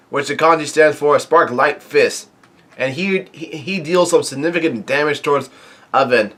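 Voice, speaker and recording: A man casually retelling a comic chapter as a reviewer, halting often with fillers and restarts as he goes. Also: on the high side, fairly bright tone. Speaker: manga reviewer.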